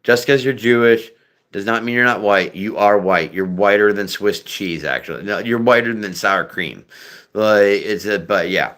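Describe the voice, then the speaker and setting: A man's voice: fairly low pitch, moderate pace, fairly bright tone. A man hosting a live stream, chatting casually in a profane, rambling way. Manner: profane, rambling, many fillers and restarts. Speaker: livestream host.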